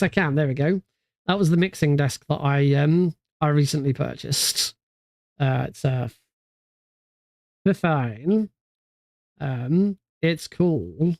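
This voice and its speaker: A man's voice: on the high side, a little mellow, no echo. A man streaming from home, chatting loosely and correcting himself as he talks into a studio mic. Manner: rambling, loose and self-correcting. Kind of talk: casual livestream chat. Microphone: studio mic through a mixing desk.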